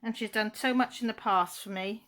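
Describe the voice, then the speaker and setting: A woman's voice: mid-range voice, steady tone, normal speed, a bit bright. A woman vlogger, chatting casually while unboxing, gushing and near tears.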